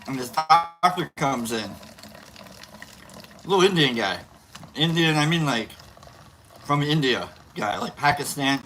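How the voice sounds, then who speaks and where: A man's voice: on the high side, pushed and bright, slight background noise. A man hosting a casual live stream, talking with his mouth full and telling a rambling, jokey story. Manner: talking while eating.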